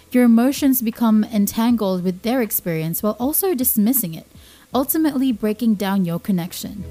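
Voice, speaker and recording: A woman's voice: medium pitch, warm tone. A young woman hosting a podcast, speaking in a casual informative way, earnest and repeating her key points for emphasis. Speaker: podcast host.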